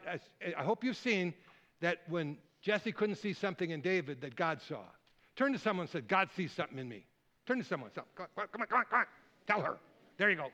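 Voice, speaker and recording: A man preaching a sermon, rambling and lively, calling out questions to the congregation. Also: high-pitched, muffled recording. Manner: lively, rambling, audience call-and-response. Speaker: guest preacher.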